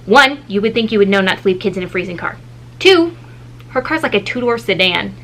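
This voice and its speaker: A woman in her thirties, a mother and vlogger, telling a story in a casual, animated way and acting out the people in it. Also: brisk, slight background noise, rough recording. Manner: animated, acts out quoted people with shifting pitch.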